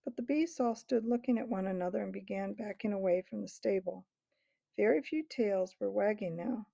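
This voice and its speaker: A woman reads a children's fantasy novel aloud at a steady storytelling pace. Her voice is gravelly and mellow, with a medium pitch. The recording sounds dull and dry. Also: normal speed, no room sound. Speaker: reader. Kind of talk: audiobook narration.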